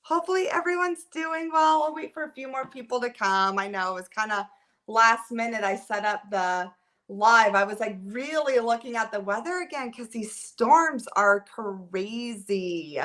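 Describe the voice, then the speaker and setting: A woman with a fairly high, bright-toned voice speaks at a moderate pace. She's hosting a casual livestream from home, rambling to viewers with lots of filler words, filmed by a camera on a holder.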